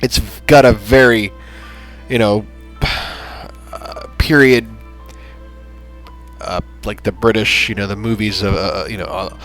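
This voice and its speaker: Rambling man with a lowish voice. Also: fairly even intonation, rough recording. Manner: rambling, halting, many fillers and restarts. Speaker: gaming channel host. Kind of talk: casual gameplay commentary. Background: soft background music.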